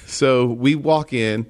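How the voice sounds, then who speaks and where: A man's voice: mid-range voice, extremely slow. A young man with a South Carolina accent, a band's lead singer telling a tour story as a podcast guest, laughing often as he goes. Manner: laughs a lot, animated storyteller. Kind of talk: casual storytelling.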